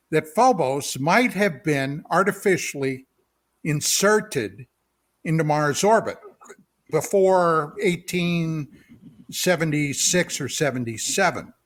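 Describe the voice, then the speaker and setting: Male radio co-host with hiccups, fairly high voice, dramatic storyteller who turns to the listener. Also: fairly bright tone. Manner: dramatic storyteller, stretches key words, asides to the listener. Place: radio studio.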